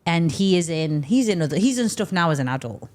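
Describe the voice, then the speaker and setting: A young woman with an English accent chats and teases on a podcast. Her voice sits unusually low for a woman, and she laughs easily between lines. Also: expressive, brisk, darkish tone. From England. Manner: teasing, laughs often. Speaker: podcast co-host. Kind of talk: casual chat.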